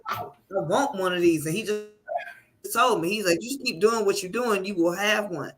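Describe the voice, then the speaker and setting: Woman, bright voice, effusive testimonial guest, emotional. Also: mid-range voice, normal speed. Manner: fervent, effusive, praising God. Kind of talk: emotional testimonial on a live call.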